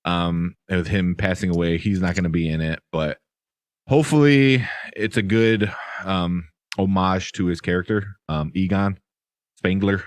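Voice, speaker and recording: Low-voiced man in rambling movie chat. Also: unhurried, no echo. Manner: rambling, filler-heavy, enthusiastic. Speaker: podcast host. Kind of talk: casual movie review chat.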